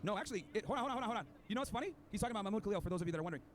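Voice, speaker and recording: A man with a noticeably high voice who fires off his words at a breakneck pace. He argues in a combative, lecturing way and trades insults freely. A faint hiss sits under the audio. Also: lively intonation, rapid-fire. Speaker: podcast host. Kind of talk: heated debate clip.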